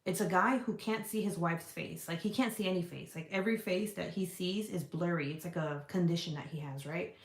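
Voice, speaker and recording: Answering viewer comments with chatty profanity, a woman runs a casual livestream indoors to sell scented goods. Her fairly low voice moves fairly quickly with hardly any pauses, in reverberant sound.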